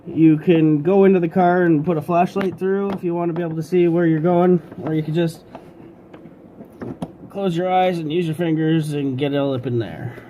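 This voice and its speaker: A man with a fairly high, warm voice and fairly even intonation walks through a car repair in a workshop at a moderate pace, rambling and fixing his own mistakes. He's breathing hard from the work, filming solo on a camera with no operator, and slight background noise is present.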